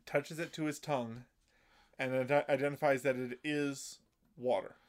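A man in casual chat retelling an anime episode, halting and repeating words as he explains. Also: mid-range voice, fairly even intonation.

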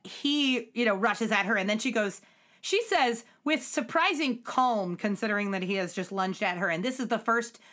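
Co-hosting a podcast, a woman with a slightly high voice and normal speaking speed chats casually through a show recap, animatedly performing characters' lines in put-on voices.

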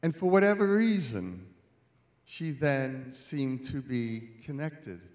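A man preaching as a guest speaker at a church celebration, moving from quiet storytelling to loud calls to the congregation. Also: medium pitch, lively intonation, takes it slowly. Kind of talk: sermon.

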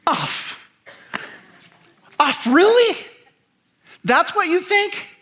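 Sneering male serpent devil played by a man, high and bright, mocking drawl. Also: huge pitch swings, slow pace, heavily acted. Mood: sarcastic.

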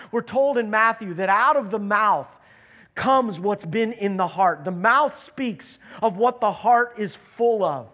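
A man preaching a sermon, animated, acting out the lines of Bible characters as he retells the story. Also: high-pitched. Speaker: pastor.

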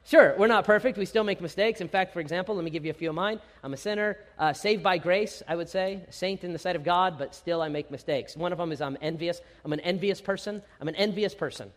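A man's voice: high-pitched, quick pace, few pauses, long reverb tail. A middle-aged man pastor delivering a sermon with self-deprecating humor and acted-out asides.

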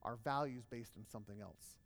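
A man's voice: medium pitch, fairly quick, creaky. A man presenting a workshop to a live audience, telling stories casually with plenty of fillers. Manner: casual storytelling with many fillers. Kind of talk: live class talk to an audience. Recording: long hall reverb.

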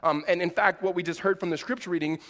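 A man in his forties delivers a sermon in a high, light voice, talking casually with lots of fillers and restarts. He swings from loud emphatic lines to quiet asides, and the long reverb of a church hall trails each phrase. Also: steady tone, fast talker. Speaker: pastor.

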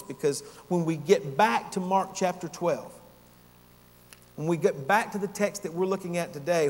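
Man preaching in a reverberant hall. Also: high voice. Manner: earnest teaching, rising emphasis on key points. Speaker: pastor. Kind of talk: expository sermon.

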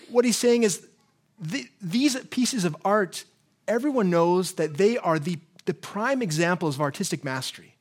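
A man preaching a sermon, telling stories and reading scripture in an animated way. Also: high-pitched, normal speed. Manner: animated storytelling with put-on voices. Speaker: pastor.

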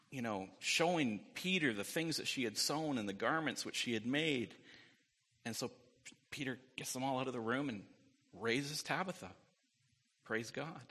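A man's voice: medium pitch, a bit bright, slightly rough, big-room sound. A man preaching a sermon as pastor, in a conversational way, often asking "right?" and adding light jokes.

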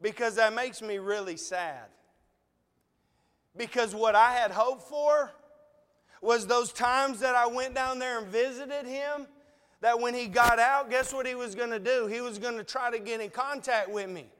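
A man's voice: extremely high pitch, fairly even intonation, a little slow, a bit bright, clear, resonant tone. A man preaching a sermon in an earnest, conversational way, asking repeated rhetorical questions. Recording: long reverb of a large hall.

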